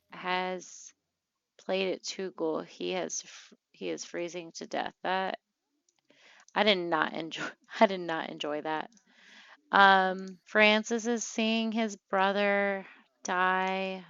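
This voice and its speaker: Woman let's play host, slow and gravelly, chatty and emotional; dull, dry home mic. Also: mid-range voice, fairly bright tone, no room sound. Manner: emotional, chatty, many fillers and restarts. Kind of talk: casual gameplay commentary.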